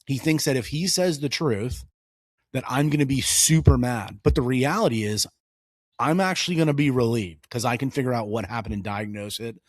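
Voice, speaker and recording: Animated dad telling stories, dry close mic. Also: male voice, medium pitch, moderate pace, no room sound. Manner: animated storytelling, acts out dialogue. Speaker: podcast co-host. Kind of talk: casual political chat.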